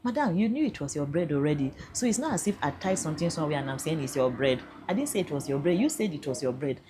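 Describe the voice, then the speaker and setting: Low-voiced Nigerian woman recounting an ordeal. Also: sing-song, fast, background noise. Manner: earnest, shifts into Nigerian Pidgin. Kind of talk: emotional first-person account.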